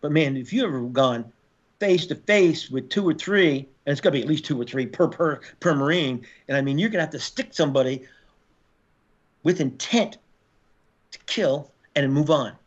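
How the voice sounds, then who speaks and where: A man in his sixties, a former Marine and podcast guest, telling war stories in a casual, profane way and shouting out reenacted orders. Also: on the high side, lively intonation, normal speed. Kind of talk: casual storytelling interview. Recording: slightly dull podcast audio.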